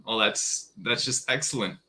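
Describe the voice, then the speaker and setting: A man talking as a guest on a radio show in casual conversation, halting and full of fillers. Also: medium pitch, background noise.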